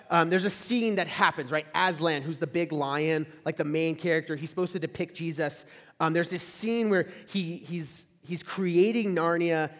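A man's voice: a little high, fairly bright tone. A young man giving a casual storytelling sermon to a live audience, chatty and full of "like" fillers and questions to the room. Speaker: campus ministry speaker. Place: large hall before a live audience. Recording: echoey hall.

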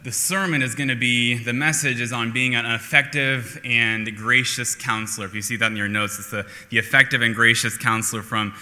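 A man's voice: medium pitch, steady tone, fairly quick, hardly any pauses, bright, forceful tone, big-room sound. A man preaching a sermon to his church in a casual, self-deprecating way, with many fillers and restarts. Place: church sanctuary.

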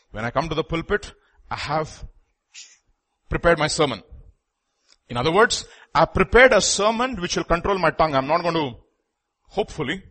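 A man's voice: on the high side, pushed and bright. A man preaching a sermon to his congregation, with emphatic outbursts. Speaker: pastor.

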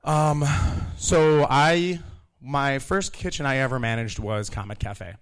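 An animated man in his thirties tells a story live, laughing often and acting out the voices of the people in it. His voice sits at an everyday middle pitch. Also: slow pace, clear, resonant tone. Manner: animated, laughing, acts out quotes. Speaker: storyteller, kitchen manager.

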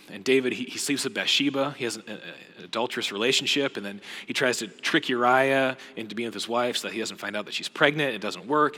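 Young pastor guy, sermon storytelling, low voice, bright tone, big reverb room. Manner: animated retelling with voiced quotes and hushed asides. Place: church auditorium. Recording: long hall reverb.

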